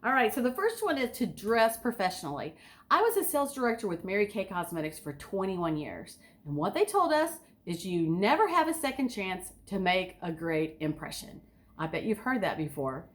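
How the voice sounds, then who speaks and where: A woman's voice: mid-range voice, normal speed. An enthusiastic woman giving an instructional talk as a speaking coach, asking her listeners direct questions. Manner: enthusiastic, sometimes overly excited.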